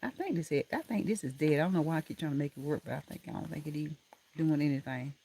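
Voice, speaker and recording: A woman's voice: low voice, very fast, vocal fry, warm tone, husky. A woman hosting a casual live stream from a room at home, chatting affectionately with viewers and laughing often. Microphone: laptop camera mic.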